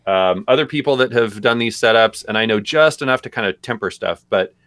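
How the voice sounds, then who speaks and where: Low, dry-voiced man chatting on a stream. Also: brisk, fairly bright tone, dry recording. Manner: loose, rambling, lots of fillers. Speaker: co-host answering viewer questions. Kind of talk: casual live-stream chat.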